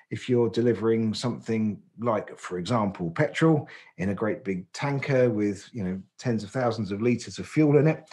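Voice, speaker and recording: An English man co-hosting a podcast in a relaxed, informative chat. His voice sits at a middle pitch. He explains at length, with plenty of fillers and restarts along the way. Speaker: podcast co-host.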